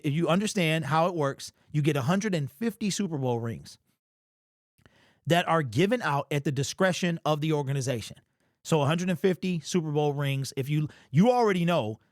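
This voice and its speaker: A man hosting a fan channel, giving casual sports commentary and using lots of slang in an animated way. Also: a little high, no room sound, studio quality. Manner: animated, talks fast, uses slang.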